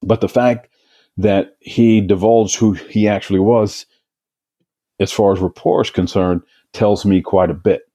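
A man's voice: lowish voice, fairly even intonation, measured pace, dark tone. A man who worked as a hostage negotiator recounts a case in an interview, vividly and with frequent restarts. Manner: vivid retelling, with repeated restarts. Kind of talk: storytelling in an interview.

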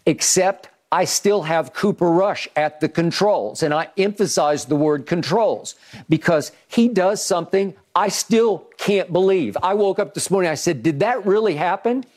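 A man's voice: sits high, normal speed, darkish tone. Emphatic sports talk host, man. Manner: emphatic, repeats words at starts, rhetorical questions. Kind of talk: animated football analysis chat.

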